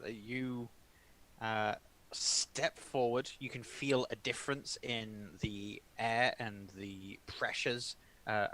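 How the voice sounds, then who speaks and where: A man's voice: mid-range voice, sharp tone. A man narrating a tabletop game as dungeon master, describing scenes with many filler sounds.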